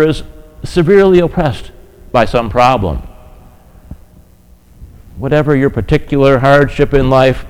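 A man's voice: medium pitch, a little mellow, smooth, low-quality recording. A man preaching a sermon, earnest and direct, often asking his listeners rhetorical questions. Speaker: pastor.

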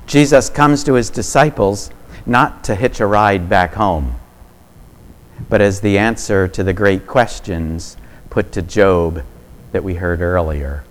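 Guy preaching a sermon real slow, lowish voice, leans into key words.

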